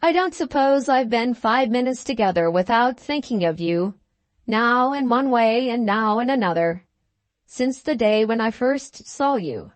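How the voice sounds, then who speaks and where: A woman reading the part of a blunt, plain-spoken gentleman farmer in an audiobook, with an earnest, emphatic manner. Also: fairly high pitch, expressive, unhurried, no room sound.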